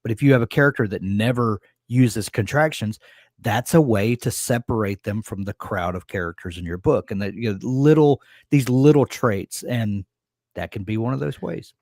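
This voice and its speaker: A man co-hosting a writing stream, explaining writing ideas in a relaxed, thoughtful chat. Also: on the low side, moderate pace, no echo, studio quality. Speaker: co-host of a writing sprint stream. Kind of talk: casual chat about writing.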